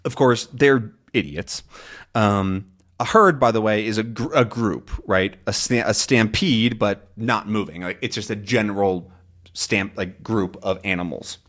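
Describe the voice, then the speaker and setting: A man's voice: fairly low pitch, a bit bright. A man teaching English, explaining a comic story in a casual, patient way, stopping often to explain words. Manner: explains words slowly, many fillers and restarts.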